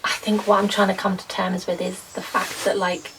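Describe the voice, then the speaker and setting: A young woman vlogging casually from her garden potting shed, rambling with lots of ums and soft laughs. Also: mid-range voice, little pitch movement, moderate pace, gravelly, distant mic, slight background noise, low-quality recording. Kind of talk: casual chat to camera.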